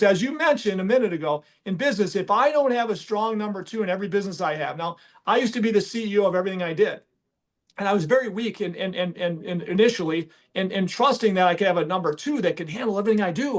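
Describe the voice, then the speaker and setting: A man's voice: high-pitched, expressive, quick pace. A middle-aged man, hosting a casual podcast and talking emphatically with many restarts. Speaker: podcast host and business owner.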